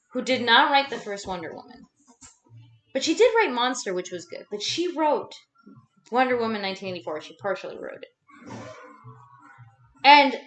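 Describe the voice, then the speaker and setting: Young woman ranting on her vlog, high bright voice, swears a lot, bouncy pitch, echoey room. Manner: rambling, swears freely, animated ranting with fillers. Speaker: vlogger. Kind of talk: casual ranting chat. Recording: roomy echo.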